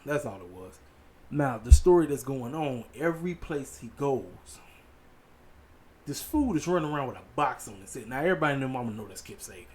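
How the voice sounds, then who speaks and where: A man giving a casual, animated solo review of a wrestling show, talking straight to his viewers. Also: medium pitch, slight background noise. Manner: animated, conversational, addresses viewers as ladies and gentlemen.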